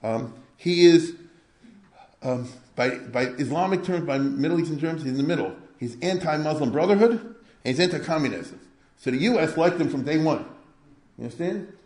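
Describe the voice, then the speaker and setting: A man's voice: a little high, lively intonation, moderate pace, a little mellow. An older man giving an informal history lecture, conversational and full of rhetorical questions. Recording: echoey room.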